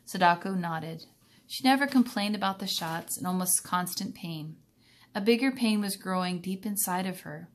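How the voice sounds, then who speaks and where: A woman reading a children's novel aloud in a calm, even storytelling manner. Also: medium pitch, moderate pace. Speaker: reader.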